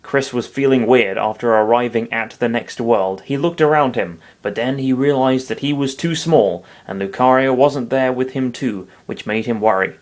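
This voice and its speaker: A man's voice: medium pitch, normal speed, few pauses. A man casually reading a fan story aloud, breaking off into mumbled, rambling asides full of swearing. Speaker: reader.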